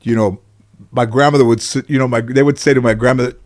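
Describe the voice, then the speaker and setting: Animated man telling stories, from Los Angeles. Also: mid-range voice, quick pace. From Los Angeles, USA. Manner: animated, swears freely, frequent fillers and restarts. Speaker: guest telling life stories. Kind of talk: casual storytelling in a conversation.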